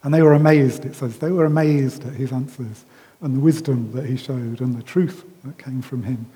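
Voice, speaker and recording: A man giving a conversational sermon as a preacher, unhurried, with frequent ums and restarts, recorded in a large hall. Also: medium pitch, steady tone, warm tone. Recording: long reverb of a hall.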